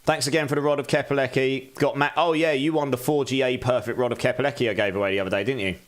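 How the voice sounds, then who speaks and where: A man's voice: mid-range voice, steady tone, fast talker. A man chatting casually on a live game stream, thanking viewers and speaking candidly.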